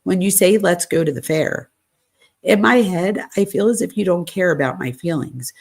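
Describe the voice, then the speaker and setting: A woman's voice: lowish voice, moderate pace, gravelly. A woman reading aloud the text messages of a hurt young man who wants an apology, in a lightly raised voice.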